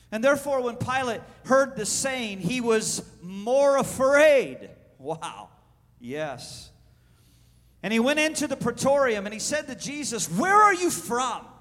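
A man preaching a sermon and reading scripture aloud, swinging between shouted proclamation and hushed, slow reading. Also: high voice, big-room sound.

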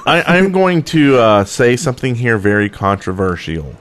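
A man co-hosting a casual gaming podcast, talking quickly with joking asides and stammering restarts. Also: medium pitch, sing-song, fairly bright tone. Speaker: podcast co-host.

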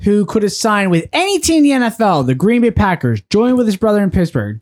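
A man's voice: high voice, sing-song, brisk, hardly any pauses, darkish tone. Man hosting a casual sports podcast. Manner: steers the talk from topic to topic, with frequent "uh" fillers. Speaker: podcast host.

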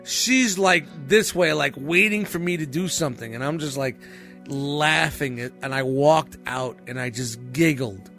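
A man's voice: fairly high pitch, a little slow, faint music behind. A man telling a story in a casual podcast chat, swearing freely and often breaking into laughter. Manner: profane, animated, laughs often mid-story.

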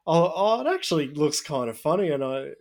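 A man's voice: a little high, sing-song, a little fast, a little mellow. A man co-hosting a podcast, telling a story in casual chat and livening up when he quotes others. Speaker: podcast co-host.

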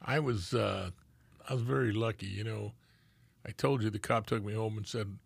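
Older male ex-cop, gravelly and a bit raspy, easygoing storyteller. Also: lowish voice, fairly even intonation, moderate pace, no room sound. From Los Angeles. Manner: laid-back, swears freely, acts out old friends' voices. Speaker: retired police officer, guest. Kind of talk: casual storytelling chat.

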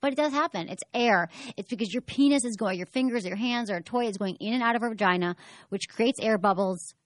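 A woman's voice: medium pitch, quick pace, no room sound. A woman hosting a sex-advice talk show, talking frankly and chattily and acting out little voices as she goes. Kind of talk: casual radio-style chat.

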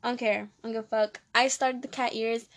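A woman's voice: on the high side, little pitch movement, a little fast. A young woman with a New Jersey accent hosting a casual comedic monologue, brash, sassy and profane. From Jersey City, New Jersey. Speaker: comedy podcast host.

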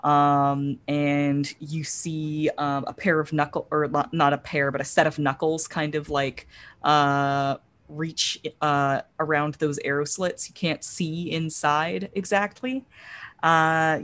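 Low-voiced woman game master. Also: level tone, takes it slowly, fairly bright tone. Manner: descriptive, with many ums and uhs. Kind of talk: narrating a tabletop game.

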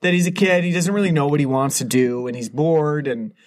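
A man's voice: a little high, fairly quick. Rambling man reviewing a film. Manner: rambling, many fillers and restarts. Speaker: podcast co-host reviewing a film. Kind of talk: casual chat.

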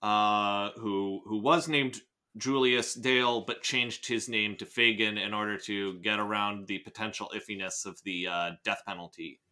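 An American man co-hosting a podcast, chatting and reading a story aloud in an animated way, often repeating himself. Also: fairly low pitch, unhurried. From United States. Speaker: podcast co-host. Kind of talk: casual chat and reading aloud.

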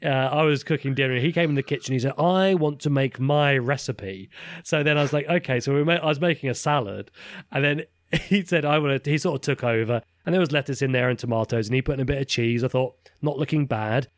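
A man's voice: medium pitch, fast, no echo, clean studio sound. A British man in his thirties co-hosting a podcast, chatting casually and laughing often at his own jokes. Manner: laughs often, self-deprecating. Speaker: podcast co-host. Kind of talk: casual chat.

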